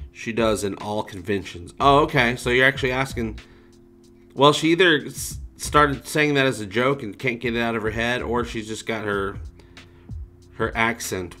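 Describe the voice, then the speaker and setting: A man's voice: fairly low pitch, pushed and bright. A man hosting a casual livestream, reading out viewer comments and joking around in a loose, rambling way. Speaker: livestream host.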